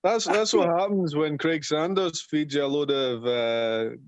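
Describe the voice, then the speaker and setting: A man's voice: fairly high pitch, a little slow, no room sound. An arm wrestler guest, a man chatting in an easygoing, self-mocking way. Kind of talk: casual chat.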